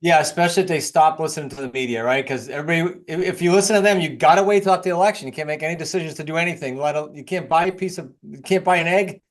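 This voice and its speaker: A man, a guest talking bluntly and quickly about his work in an interview. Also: fairly high pitch. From New England. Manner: fast, blunt, rapid-fire. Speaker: guest, real estate educator. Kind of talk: casual interview talk.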